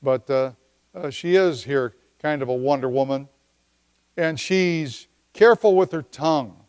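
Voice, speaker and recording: A man preaching a midweek church sermon, talking in a conversational way with pauses and slowing down to read scripture. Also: on the high side, darkish tone, smooth. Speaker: pastor. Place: church service.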